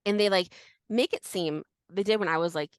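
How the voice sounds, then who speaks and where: A woman with a lowish voice talks a little fast; the tone is clean with no room sound, though the recording is rough. Co-hosting a history podcast, she tells a story in a loose, chatty way, with lots of "like" and frequent restarts.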